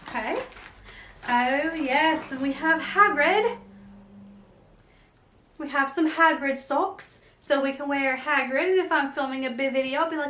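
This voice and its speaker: Excitable woman vlogger, high voice, chatty and filler-heavy, echoey room. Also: unhurried, long pauses, a little hiss or hum. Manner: gushing, excitable, many fillers. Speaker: vlogger unboxing an advent calendar. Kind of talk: casual unboxing chat.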